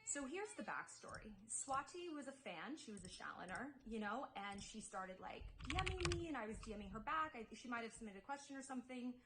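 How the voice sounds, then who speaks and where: A woman's voice: on the high side, very animated, fairly quick, hardly any pauses, very noisy. A young woman YouTuber telling an upsetting story to her viewers in a confessional vlog, rambling and defensive, full of "like" and restarts.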